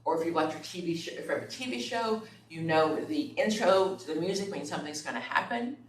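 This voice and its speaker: A middle-aged woman instructor lectures in a relaxed, conversational way, checking in with her listeners as she goes. She sits far from the microphone in a roomy, echoing space. A faint hum of room noise runs underneath. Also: lowish voice, fast talker. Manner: conversational, checks in with "okay?" and "right?". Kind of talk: classroom lecture.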